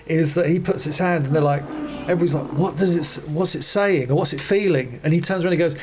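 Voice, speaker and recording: A man's voice: a little high, quick pace, background noise. A man co-hosting a film podcast, chatting casually and acting out the attitudes he describes. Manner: animated, mimics attitudes in quotes, many restarts. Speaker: podcast co-host. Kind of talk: casual film review chat.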